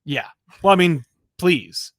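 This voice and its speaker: A man co-hosting a casual live comics chat, rambling and self-deprecating, with halting restarts. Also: a little high, animated, a bit bright, dry recording, studio quality. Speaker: co-host of a comics show.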